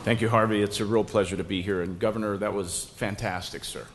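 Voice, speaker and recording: A man's voice: fairly low pitch, steady tone, crowd noise, noisy background. Polished man speaking in a reverberant hall. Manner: polished, measured, courteous. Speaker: guest speaker, business chamber president. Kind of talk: formal prepared speech. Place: press conference room. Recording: long reverb of a large room.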